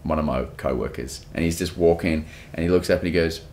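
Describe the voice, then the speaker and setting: Australian man, very low voice, lively anecdotes, faint hiss behind. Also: a little fast. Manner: animated storyteller, acts out quotes. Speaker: actor recalling a film shoot. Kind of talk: casual interview anecdotes.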